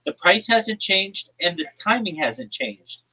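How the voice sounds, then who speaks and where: A man from New Jersey, hosting a livestream and ranting crudely in a loud, brash, profane comedic tone. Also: high-pitched, very animated, a little slow, slightly rough, highs cut off. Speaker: livestream host.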